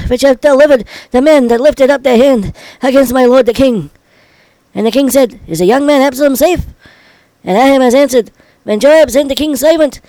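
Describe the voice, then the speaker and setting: A man reading an old-style scripture passage aloud in a solemn, measured way. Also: extremely high pitch, a little mellow, no echo, rough recording. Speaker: scripture reader.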